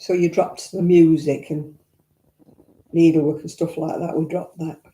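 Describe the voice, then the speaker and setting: Speaking in a low, warm voice with a flat, unhurried delivery, this older Northern English vlogger chats casually at home, reminiscing and responding to viewer comments. Her asides are blunt, and the room echoes.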